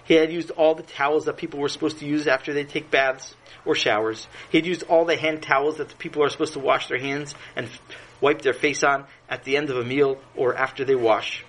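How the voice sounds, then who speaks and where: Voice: mid-range voice, fairly even intonation, fairly quick, rough recording. A storyteller narrating a children's story in a playful way, with asides to the listener.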